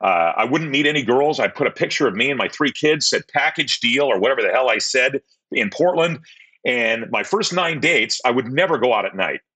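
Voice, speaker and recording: A man's voice: medium pitch, animated, a little fast, bright, forceful tone, husky. A man in his fifties, a podcast guest, telling his life story candidly in a rambling way, repeating words and livening up when he retells conversations.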